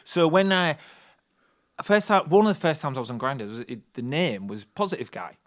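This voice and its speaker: A man's voice: fairly high pitch, expressive, fairly quick. A man, a guest comedian on a podcast, telling rambling anecdotes with restarts in casual chat. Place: podcast studio.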